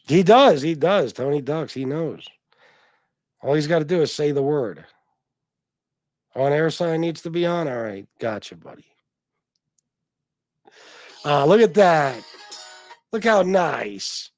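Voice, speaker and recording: A man's voice: fairly high pitch, lively intonation, takes it slowly, long pauses, darkish tone, no echo. A man hosting a casual livestream, reading out donations and chat comments, rambling and swearing freely with many restarts. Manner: rambling and profane, with frequent restarts. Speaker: livestream host.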